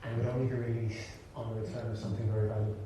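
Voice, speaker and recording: Heard from far off in an echoey large hall with background hiss, an actor and director from Birmingham, England, talks very fast at a fairly low pitch. As an interview guest in a live onstage conversation, he tells animated stories to the audience, restarting often and laughing.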